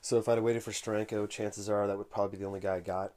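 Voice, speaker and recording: A man vlogging about comic collecting, telling a rambling story in an unhurried, conversational way. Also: on the low side, little pitch movement, darkish tone. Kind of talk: casual rambling anecdote.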